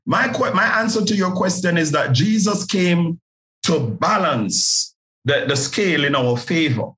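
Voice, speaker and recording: A man's voice: on the high side, lively intonation, a little slow, bright, forceful tone, low-quality recording. An earnest male pastor with a Jamaican accent, guesting on a podcast. He speaks in a preaching manner and stumbles over repeated words as he builds toward a point. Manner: earnest, repeats words when starting a thought.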